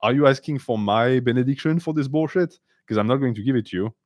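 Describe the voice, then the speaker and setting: Fielding viewer questions on a casual live-stream Q&A, this male host is blunt and sarcastic, going back and forth between English and French. He talks fast in a mid-range voice, and the lo-fi recording has no echo.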